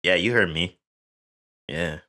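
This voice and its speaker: A man's voice: sits low, takes it slowly, sharp tone. A young man co-hosting a podcast, cracking blunt jokes in casual banter. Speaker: podcast co-host. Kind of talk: casual chat.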